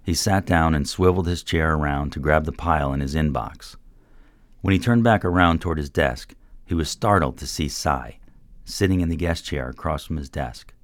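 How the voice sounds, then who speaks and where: A man narrating an audiobook in an even, unhurried storytelling manner. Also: a bass voice, no echo, clean studio sound.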